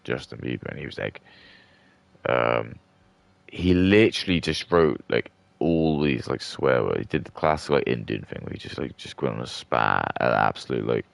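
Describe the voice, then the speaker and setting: Here a male streamer with an extremely deep, fry-laden voice chats casually, meandering and full of fillers while his sentences trail off and start again. The audio is close and dry, with no room sound at all.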